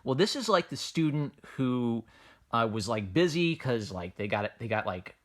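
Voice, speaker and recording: A man's voice: medium pitch, sing-song, moderate pace. A man giving a casual, unscripted review, rambling with a lot of "like" and "uh" and restarting his sentences. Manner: rambling, lots of fillers like "like" and "uh", frequent restarts, amused. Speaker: manga reviewer.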